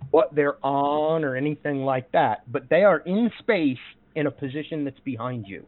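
A man's voice: fairly high pitch, moderate pace, no echo. A man narrating as game master of a tabletop game, rambling with many fillers and restarts. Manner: meandering, full of fillers and restarts. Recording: tinny call audio, dry.

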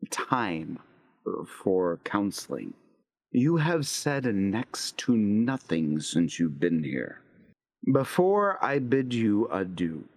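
A lanky, stern male starship chaplain, played by a man, speaks low and slow in formal, measured sentences. His voice drops well under an ordinary speaking voice. The lines are carefully drawn out, like a grave official warning. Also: darkish tone, exaggerated voice.

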